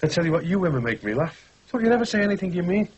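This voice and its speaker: A man's voice: high-pitched, very animated, breathy edge, full character voice. An actor playing a bantering middle-aged working-class husband and father. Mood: teasing. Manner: brisk, bantering. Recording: dull noisy TV audio.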